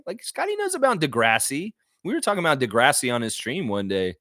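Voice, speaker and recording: Animated rambling livestream host. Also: male voice, mid-range voice, fast talker, few pauses, no echo, studio quality. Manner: reads viewer comments aloud, rambling and animated. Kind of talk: casual livestream chat.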